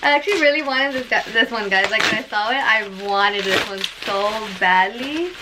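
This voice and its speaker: A woman's voice: a little high, moderate pace, heavy background noise. A young woman vlogging an unboxing, gushing over each item with gasps and lots of fillers. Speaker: beauty vlogger. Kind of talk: excited unboxing vlog.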